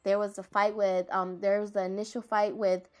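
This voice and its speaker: Recalling moments from anime, a female anime commentator rambles in a relaxed way, using plenty of filler words and poking fun at herself. Her mid-range voice has little pitch movement and a moderate pace.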